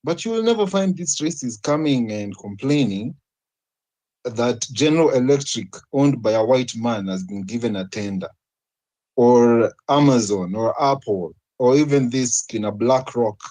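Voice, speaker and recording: Kenyan man arguing in a debate, mellow voice. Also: medium pitch, expressive, unhurried, low-quality recording. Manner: earnest, argumentative, rhetorical questions. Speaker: debate participant. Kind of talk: panel debate argument.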